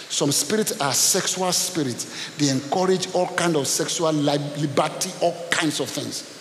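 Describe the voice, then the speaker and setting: A man preaching a sermon as pastor, dramatic and animated, acting out scenes. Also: on the high side, moderate pace. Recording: echoey hall with faint hiss.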